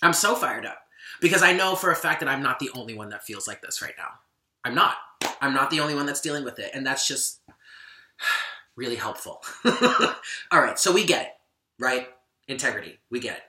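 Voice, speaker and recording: A woman's voice: rumbling low, expressive, a little fast, long pauses, sharp tone, echoey room. A woman giving a casual tarot card reading to camera, emphatic and fired up, repeating lines for stress and dropping slang.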